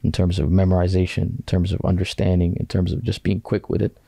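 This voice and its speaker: Gravelly low-voiced man, blunt and casual. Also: monotone, fast, warm tone, no echo, studio quality. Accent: British. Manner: blunt, street-casual phrasing mixed with Arabic quotes. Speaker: guest scholar. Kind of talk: casual podcast discussion.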